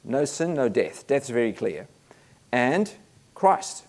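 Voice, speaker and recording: A man's voice: medium pitch, very animated, takes it slowly, a little mellow. A man preaching a sermon, earnest and emphatic, reading Bible verses aloud between points.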